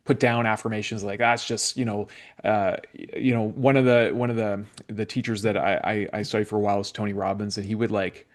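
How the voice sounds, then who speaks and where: A man's voice: on the low side, flat delivery, brisk. A young adult man from Canada hosting a spiritual podcast, telling stories in a casual, rambling way with many fillers and restarts. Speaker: podcast host. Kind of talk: casual conversational interview.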